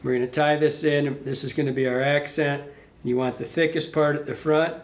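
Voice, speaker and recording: A man's voice: fairly high pitch, steady tone, fairly quick, echoey room. Rambling man teaching fly tying. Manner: rambling, self-correcting, talks to the fly as he works. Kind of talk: casual hands-on tutorial. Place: fly shop tying bench.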